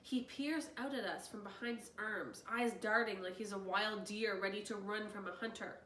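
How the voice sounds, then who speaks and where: Female storyteller, expressive, breaking in with excited asides; roomy sound, faint noise. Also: medium pitch, normal speed, far from the mic. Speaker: reader, channel host. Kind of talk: reading a novel aloud.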